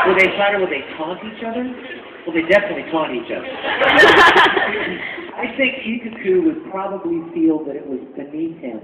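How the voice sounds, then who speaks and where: A man's voice: on the high side, moderate pace, pauses often. A man answering fans' questions at a convention panel, playful and chatty. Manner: animated, playful, chatty with fans. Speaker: voice actor panel guest. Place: large convention panel hall. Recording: echoey hall from far off, tinny, noisy.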